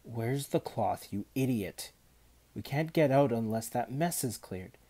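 Guy doing a bossy bully head boy, rude, kinda dark slow voice. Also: medium pitch, lively intonation. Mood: angry. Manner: rude, domineering.

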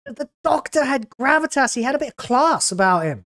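A woman's voice: sits high, very animated, a little fast, a bit bright. A woman hosting a video reaction, talking in a sarcastic, scathing way with exasperated groans. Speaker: YouTube reaction host.

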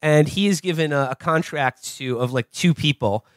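A man's voice: a little high, normal speed, no echo, clean studio sound. A man hosting a podcast, rambling through a casual TV recap, full of "like" and "you know". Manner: rambling, lots of "like" and "you know", laughs often. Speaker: podcast host.

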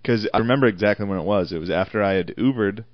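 Low-voiced teasing young man, dry lo-fi sound. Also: no room sound. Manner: needling, teasing, quick to laugh. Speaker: podcast co-host. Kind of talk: crude casual chat. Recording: dry, dull lo-fi podcast audio.

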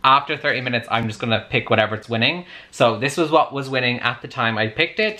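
A man's voice: mid-range voice, quick pace, hardly any pauses, sharp tone, slight background noise. A man with an Irish accent chatting enthusiastically to camera as a book vlogger, with lots of "like" fillers. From Ireland. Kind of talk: casual vlog chat.

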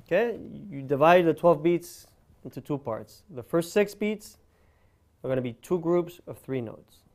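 A man's voice: fairly high pitch, normal speed. A man giving a guitar lesson, explaining step by step and counting beats aloud over his own guitar playing. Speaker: guitar teacher.

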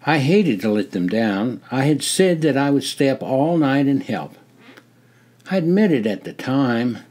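An older man reading his own memoir aloud in a measured storytelling way. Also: mid-range voice, a little mellow. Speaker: memoir narrator.

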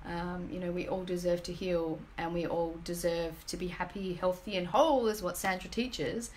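A woman in her thirties speaking to her phone camera at home, earnest and gushing, halting often with fillers. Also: on the low side, steady tone, a little mellow, slight background noise. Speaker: energy healing business team member. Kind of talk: emotional personal testimonial vlog. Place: home, indoors.

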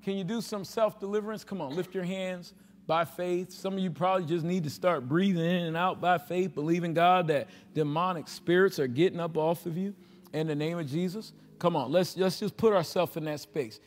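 A male pastor preaching a sermon to his congregation, with call-and-response questions, rising to loud exhortation and dropping to hushed asides. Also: sits high, brisk. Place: church sanctuary with a congregation. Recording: livestream with long hall reverb.

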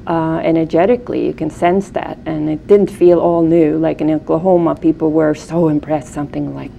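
A woman from Sweden with a Swedish accent, a guest artist telling her story in a relaxed, reflective way during a casual interview. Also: low-pitched, normal speed, vocal fry, slight background noise, low-quality recording.

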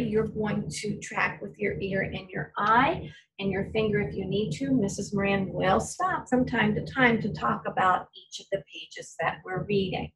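A woman's voice: medium pitch, vocal fry, distant mic, slight background noise, rough recording. A woman teacher giving a patient, step-by-step reading lesson to young children. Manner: patient, slow, step-by-step explaining.

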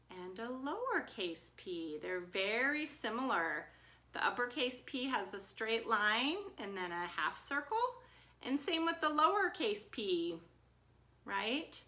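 A woman teaching an online class for young children at home, speaking in a gentle, sing-song teacher voice into a webcam. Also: medium pitch. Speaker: preschool teacher.

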